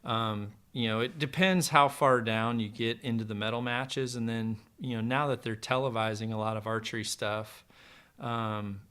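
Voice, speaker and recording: Guesting on a podcast, a middle-aged ex-professional archer meanders through stories at a moderate pace, relaxed and full of fillers. He has a smooth, resonant voice of everyday middle pitch.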